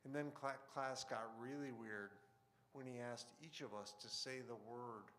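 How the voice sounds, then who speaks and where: A man in a broadcast studio reading a short story he wrote, with relaxed, conversational asides and filler words between passages. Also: medium pitch, normal speed, slight background noise. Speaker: author reading his own fiction. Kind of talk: live fiction reading with casual asides.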